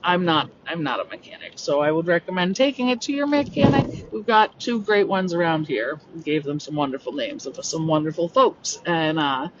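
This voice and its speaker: A woman hosting a podcast, telling a story in a rambling, animated way full of "like". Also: deep voice, moderate pace, hardly any pauses. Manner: rambling, animated, heavy use of "like". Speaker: podcast host. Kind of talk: casual storytelling monologue. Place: home on a rural homestead. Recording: distant, dull lo-fi mic with faint noise.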